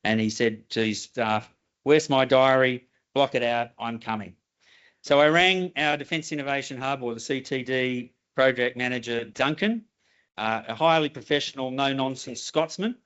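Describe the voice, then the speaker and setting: A man's voice: mid-range voice, fairly bright tone, smooth. Man telling a ceremony story. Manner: storytelling, with halting restarts. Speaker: company head giving a ceremony speech. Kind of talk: formal speech with anecdotes. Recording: slightly dull lo-fi recording.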